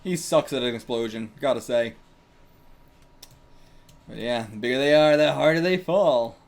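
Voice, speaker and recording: A young man reading a manga aloud and reacting casually, excitable and laughing, with bursts of swearing. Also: mid-range voice, moderate pace, gravelly. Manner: excitable, swears, laughs, puts on brief character lines.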